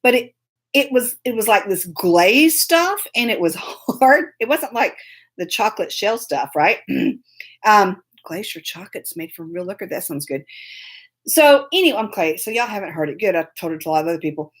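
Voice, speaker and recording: A woman's voice: mid-range voice, lively intonation, moderate pace. A woman hosting a live online show from a phone on a tripod. She rambles through a story in casual chat, laughing often and breaking off to greet viewers by name. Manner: laughs often while telling stories.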